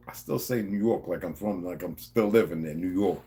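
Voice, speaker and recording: A man's voice: low voice, normal speed, mellow, slightly rough. A middle-aged man with a New Jersey accent, talking to his subscribers in a rambling, profane, confrontational monologue. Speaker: vlogger.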